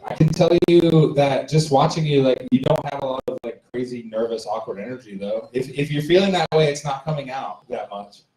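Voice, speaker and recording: A man's voice: mid-range voice, brisk, hardly any pauses, distant mic. Encouraging male open mic host. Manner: friendly, filler-heavy encouragement. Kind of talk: casual hosting and interviews. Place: comedy club. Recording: echoey club with loud noise.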